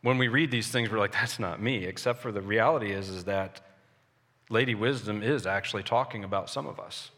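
A man preaching a sermon as a pastor, earnest, pausing and restarting as he explains a scripture passage. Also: lowish voice, a bit bright. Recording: long reverb of a large hall.

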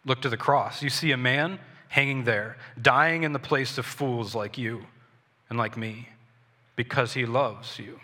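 A man's voice: mid-range voice, fairly even intonation, a little slow, pushed and bright. A man preaching a sermon earnestly, often repeating himself and correcting his words in a church. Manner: earnest, repetitive, self-correcting. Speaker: pastor. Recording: long hall reverb.

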